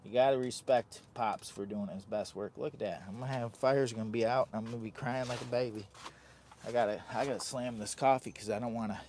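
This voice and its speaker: A man's voice: mid-range voice, steady tone, brisk, darkish tone, slight background noise. A man hosting a casual camping vlog from inside a heated tent. He talks in a goofy, rambling, hyped-up way into a phone camera. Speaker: vlogger host.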